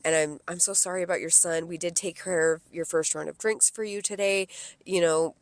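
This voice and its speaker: Lively young woman telling a story. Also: fairly low pitch, a little fast, no echo. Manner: animated storyteller, swears freely, acts out customers' lines. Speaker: podcast co-host. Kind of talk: casual chat, storytelling.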